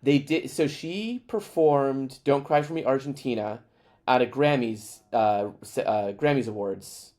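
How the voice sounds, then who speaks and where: A man chatting as a guest on a podcast, telling stories in an animated way with lots of fillers. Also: mid-range voice, measured pace. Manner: animated storyteller, frequent fillers. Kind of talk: casual chat.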